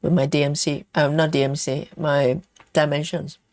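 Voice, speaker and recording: A woman hosting a craft livestream, reading viewer comments aloud and thinking aloud with lots of ums in a relaxed, casual chat. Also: low-pitched, moderate pace, dry recording. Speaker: cross-stitch livestream host.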